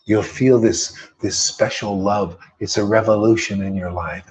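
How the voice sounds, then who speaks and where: A man's voice: lowish voice, steady tone, measured pace, darkish tone, slight background noise. A man preaching in a loose, informal way, fervent and rambling, peppering his talk with slang and mocking voices. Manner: mocks others in put-on quoted voices. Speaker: spiritual teacher.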